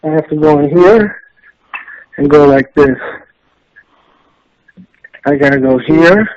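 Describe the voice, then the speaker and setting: A man from Canada, a musician guest chatting casually on a podcast, laid-back and quick to laugh. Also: a little high, darkish tone, no echo, muffled recording. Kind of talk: casual interview chat.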